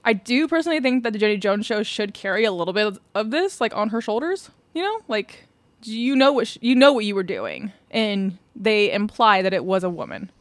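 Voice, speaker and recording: A woman's voice: medium pitch, very animated, a little fast, no echo. A woman co-hosting a podcast, casually retelling a true-crime case from her notes, laughing often and swearing offhandedly. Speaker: podcast co-host.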